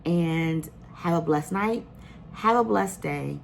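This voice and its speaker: A woman's voice: deep voice, slow pace, creaky, a little hiss or hum. A woman vlogging casually to her viewers, earnest and emotional, rambling with many fillers and restarts. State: emotional, near tears. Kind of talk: casual vlog talk to viewers.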